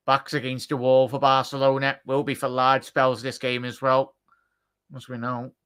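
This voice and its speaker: A man giving live match commentary on a fan watchalong, chatty and joking, shouting at the big chances. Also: mid-range voice, monotone, moderate pace, clean tone. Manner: chatty, jokey asides.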